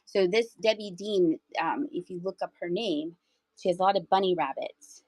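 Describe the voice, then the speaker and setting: A woman runs a live thrift sale, laughing frequently as she chats and giggles with viewers. She speaks at normal speed with a fairly low pitch and darkish tone; the recording is low quality, with no room sound.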